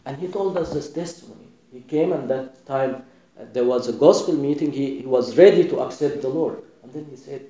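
A man preaching a sermon with passion, dropping to a hush and then rising loud. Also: medium pitch, moderate pace, reverberant, low-quality recording. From Sudan. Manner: impassioned, swinging between hushed and loud.

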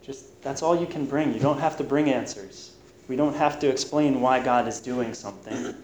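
A man preaching a sermon on scripture in an earnest, halting way, often restarting his words. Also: mid-range voice, a little mellow. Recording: roomy echo with faint background noise.

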